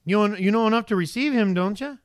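Male pastor, sermon, conversational, lots of rhetorical questions, slightly high voice, dry sound. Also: brisk, smooth, no echo.

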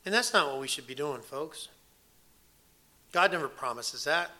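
Bright-voiced man preaching a sermon. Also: on the high side, lively intonation, moderate pace. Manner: earnest, emphatic preaching with repeated phrases. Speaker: pastor.

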